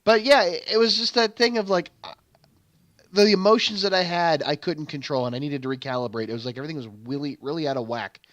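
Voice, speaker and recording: Man, casual game commentary, rambling, fairly high voice, dry close sound. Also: quick pace, fairly bright tone, no echo. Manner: rambling, lots of fillers and restarts. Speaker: gaming channel host.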